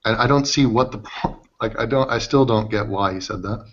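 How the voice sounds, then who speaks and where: A man hosts a casual group chat on a livestream, mid-pitched and joking as he questions his guests. The sound is dull and lo-fi, like compressed stream audio. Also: fairly quick, fairly bright tone. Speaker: livestream host.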